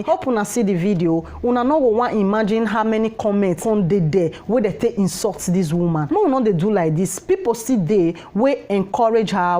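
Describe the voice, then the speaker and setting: A woman's voice: medium pitch, dark tone. A woman vlogger from Nigeria with a Nigerian Pidgin English accent, pleading and preaching to her viewers with rhetorical questions. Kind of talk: impassioned commentary.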